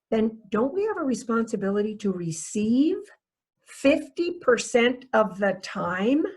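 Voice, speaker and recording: A woman's voice: mid-range voice, a little mellow, husky. A woman from North Dakota, a foster care trainer, giving a webinar talk in a conversational storytelling way, often checking in with "right?". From North Dakota, USA. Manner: conversational, asks rhetorical "right?" questions; storytelling with personal anecdotes.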